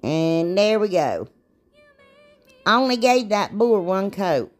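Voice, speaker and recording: A woman's voice: medium pitch, very animated, takes it slowly, soft background music. A woman, chatting casually and rambling a little as she narrates a DIY craft video. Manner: chatty, rambling, laughs at herself.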